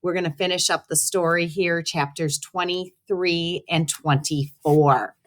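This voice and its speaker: A woman teacher reading a children's chapter book aloud to her students in an expressive, friendly way. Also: fairly low pitch, a little slow. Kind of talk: read-aloud storytelling.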